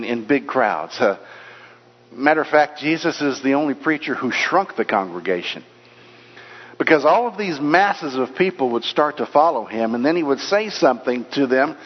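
Brief: male pastor, mid-pitched, chatty sermon delivery, muffled sound with long church reverb. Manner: conversational, storytelling preacher. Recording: dull echoey church hall recording.

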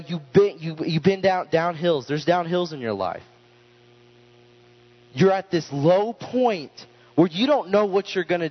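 A man giving an informal sermon, rambling with restarts and casual asides. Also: a little high. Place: small room with listeners. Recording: dull lo-fi sound with mains hum.

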